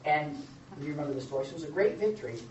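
A male pastor delivers a sermon in a lively way, acting out the scripture quotes and adding playful asides. His voice echoes through a roomy space and comes from some distance from the mic. The sound is dull, with faint background noise. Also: fairly high pitch, racing. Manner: animated, joking asides, acts out quotes. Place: church or meeting room with a live audience.

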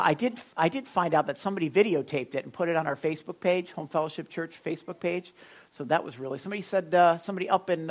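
A man leading a church service as pastor, giving announcements in a chatty, rambling way with many fillers and some self-deprecating jokes. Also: on the high side. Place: church sanctuary during a service.

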